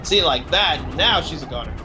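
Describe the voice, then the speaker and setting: A man with a voice a touch higher than most casually walks through his own gameplay. He laughs easily and keeps up a loose, chatty running commentary. Faint game music plays behind him. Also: lively intonation, moderate pace. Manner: laughs often, chatty, explains gameplay as he goes. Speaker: let's play host playing the game.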